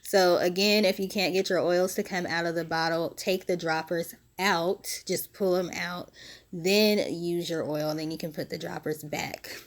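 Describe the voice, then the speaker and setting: A woman narrating a casual how-to voice-over for her spiritual DIY video. She sounds a little short of breath and explains each step in a relaxed, chatty way with small laughs. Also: fairly low pitch, moderate pace. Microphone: phone.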